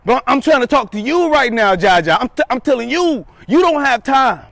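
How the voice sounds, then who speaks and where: A man's voice: very high-pitched, very animated, normal speed, a bit bright, no echo, full character voice. A man voicing God as a stern male divine voice who presses his point by repeating lines, sometimes raising his voice. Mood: urgent, scolding. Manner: insistent, repeats lines for emphasis.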